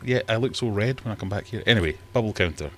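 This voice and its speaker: Chatty male streamer, deep voice, rambling and self-deprecating. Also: animated, fast, slight background noise. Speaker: livestream host. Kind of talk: casual livestream chat. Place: home fish room.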